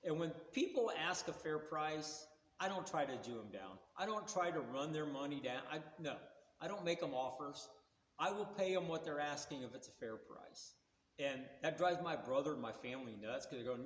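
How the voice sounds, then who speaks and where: A man's voice: a little high, lively intonation, a little fast, a bit bright, a little hiss or hum. Folksy man in his sixties, echoey room. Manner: rambling, folksy, plain-spoken. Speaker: car vlogger. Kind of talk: casual storytelling. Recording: roomy with long reverb.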